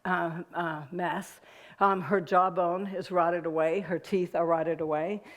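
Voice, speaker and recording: A woman's voice: fairly low pitch, fairly even intonation, takes it slowly. A woman giving a personal storytelling talk to an audience, laughing often and talking to listeners in a conversational way. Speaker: guest speaker.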